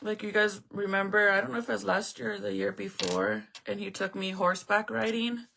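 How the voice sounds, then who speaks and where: A woman's voice: mid-range voice, expressive, brisk, gravelly, sharp tone, slight background noise. A woman in her thirties chatting casually on a livestream to her viewers, emotional and close to tears. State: tearful. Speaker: livestream host.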